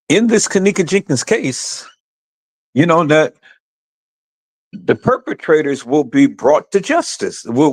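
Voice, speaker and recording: A man, ranting on his live stream with lively pitch that swings up and down. He repeats phrases and keeps calling out to his viewers. His voice sits in a middle register. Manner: impassioned, repetitive, addresses viewers as "peoples".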